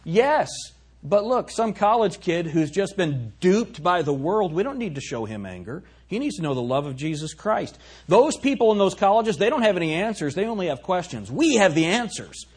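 A man preaching a sermon as pastor, swinging between soft reflection and loud, emphatic exhortation. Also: sits high, big pitch swings, moderate pace, breathy edge.

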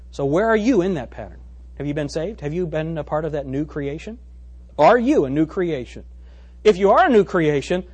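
Husky-voiced preacher with swooping pitch. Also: male voice. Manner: animated preaching with rhetorical questions, calls for amen. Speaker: pastor. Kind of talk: sermon. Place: church service before a congregation.

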